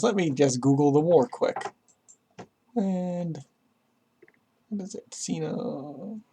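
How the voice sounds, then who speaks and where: Speaking in a mid-range, dark-toned voice, this vlogger gives a loose explanation to camera. He uses lots of filler words, swears, and keeps chuckling as he goes.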